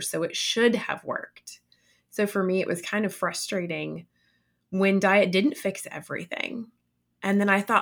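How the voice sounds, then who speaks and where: A woman interview guest telling her own story earnestly, turning animated when she quotes others. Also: medium pitch, normal speed.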